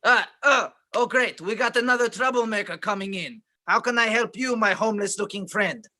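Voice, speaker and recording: A snide, insulting shop clerk behind a returns counter, played by a man. His voice is high and very bright and sharp. He delivers sarcastic jabs in an improvised comedy scene over a video call. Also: a little fast.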